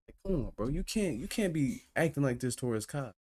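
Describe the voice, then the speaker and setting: A reaction host talks through a clip in casual, exasperated rants. The pitch swings widely as the points land, and the tone stays warm and mellow. Frequent "you know what I'm saying" keeps it conversational. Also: lively intonation, fairly quick, hardly any pauses, breathy edge.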